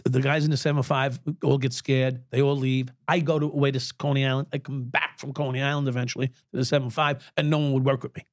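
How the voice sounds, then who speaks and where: This podcast guest, a retired police officer in his sixties, talks fast with hardly a pause, his medium-pitched voice holding a level tone. Recorded in a studio with no room sound, he recounts candid stories bluntly, swearing freely and laughing softly as he goes.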